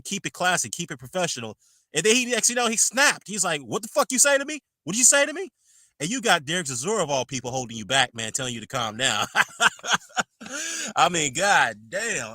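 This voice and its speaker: A man talks through his boxing opinions in a loose, blunt monologue, swearing and using slang freely. His voice is very bright and cutting. It is recorded close and dry, with no room sound. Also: mid-range voice, no room sound. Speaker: boxing commentator.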